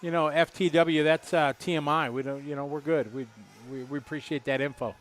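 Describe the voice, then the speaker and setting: A man's voice: fairly high pitch, steady tone, fairly quick. Chatty man in his fifties commentating. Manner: chatty, rambling, jokey. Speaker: race commentator. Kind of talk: casual live commentary chat.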